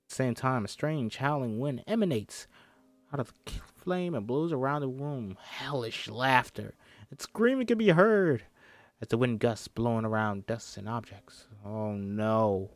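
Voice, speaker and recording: A man's voice: mid-range voice, animated, unhurried, no room sound. A man reads a film script aloud and breaks off for jokey, swearing asides, acting out the characters' lines as he goes.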